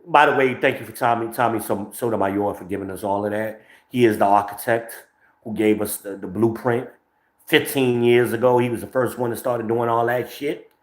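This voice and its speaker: A man's voice: mid-range voice, steady tone, moderate pace. Brash profane New Jersey man on a phone. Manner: brash, profane, rambling, laughs often. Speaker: podcast host. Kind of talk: profane livestream commentary. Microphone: phone microphone. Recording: roomy phone recording.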